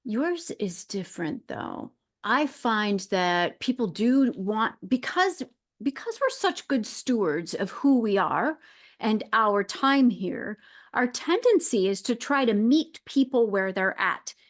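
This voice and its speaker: A woman's voice: a little high, sing-song, slow. A woman hosting a webinar on a video call, affirming and reflecting on what a participant shared. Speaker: webinar host. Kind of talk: casual chat.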